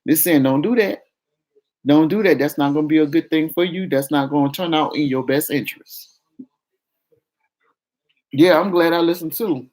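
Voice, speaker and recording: Woman vlogger, casual storyteller who performs every quote. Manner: animated, acts out quoted voices with raised pitch.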